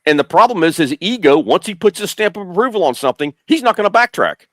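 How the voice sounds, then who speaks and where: A man's voice: high voice, sing-song, fast, dry recording. Blunt insistent middle-aged man, dry sound. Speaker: guest commentator. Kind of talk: casual political talk show.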